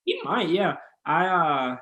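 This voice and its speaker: Male podcast host, easygoing casual talker, slightly high pitch. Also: sing-song, slow pace, a bit bright, lo-fi sound. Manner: easygoing, brief replies. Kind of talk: casual chat.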